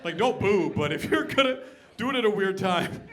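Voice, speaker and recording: An Australian man co-hosting a comedy show, with giggly, animated banter. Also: sits high, normal speed, background noise.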